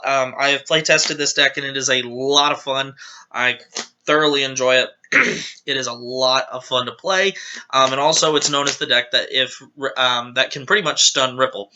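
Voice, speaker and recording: A man's voice: mid-range voice, bright, forceful tone, lo-fi sound, slight background noise. A man giving a casual, rambling walkthrough of a card game deck as its reviewer, correcting himself as he goes. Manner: rambling, self-correcting explanation. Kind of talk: casual deck profile talk.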